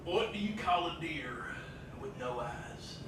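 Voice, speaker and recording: A man's voice: mid-range voice, animated, slow, fairly bright tone. A man joking playfully with the crowd during stage banter at a live poetry show. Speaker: slam poet performer. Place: indoor stage at a live venue. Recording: echoey hall from far off with crowd.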